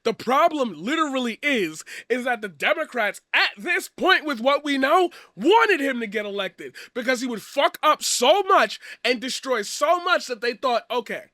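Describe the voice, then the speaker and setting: A man giving a profane, blunt commentary rant, swinging from loud shouting to quiet earnest talk. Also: very high voice, sing-song, measured pace, dry recording, studio quality. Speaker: commentary streamer. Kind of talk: ranting commentary.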